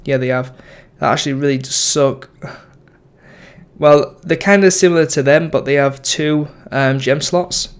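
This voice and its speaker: A man's voice: a little high, measured pace, clean tone. A young man giving casual, rambling commentary over his game, full of ums and self-corrections. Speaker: gaming YouTuber.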